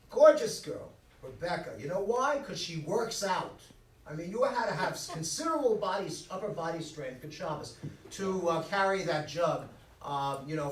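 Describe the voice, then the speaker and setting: A high-pitched man delivers a joking, chatty sermon as a rabbi, throwing quick asides to his congregation. He sounds set back from the microphone, his voice ringing through a reverberant sanctuary. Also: slight background noise. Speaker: rabbi leading Friday night services. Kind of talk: humorous conversational sermon. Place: synagogue sanctuary. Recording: echoey hall, mic at a distance.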